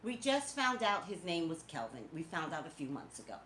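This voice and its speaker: Animated gossiping woman host, echoey room. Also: low-pitched, brisk. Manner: animated, gossipy, talks straight to viewers. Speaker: talk show host. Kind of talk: casual live-stream chat. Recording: echoey room with faint noise.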